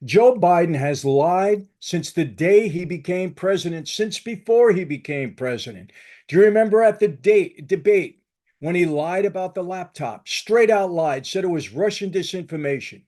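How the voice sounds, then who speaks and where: A man's voice: high-pitched, expressive, normal speed, dark tone. An older man hosting his own channel, delivering an emphatic, combative political commentary with lots of repetition. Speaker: channel host.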